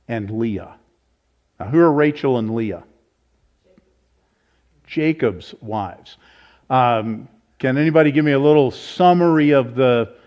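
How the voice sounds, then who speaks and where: A pastor teaching a Bible study in a conversational way, asking the group questions and thinking aloud as he goes. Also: mid-range voice. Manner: informal, thinks aloud, self-corrects. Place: church meeting room. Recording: slightly dull, lo-fi.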